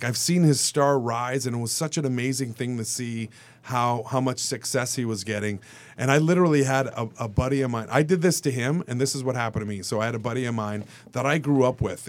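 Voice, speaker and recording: Animated man telling stories as a guest. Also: mid-range voice. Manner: animated, acts out quoted voices, turns emotional. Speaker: actor guest. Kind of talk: casual storytelling in a radio interview.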